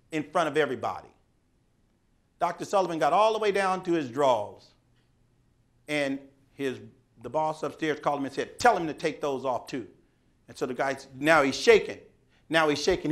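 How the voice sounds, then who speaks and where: Male speaker, storytelling speech; dramatic, high and very lively.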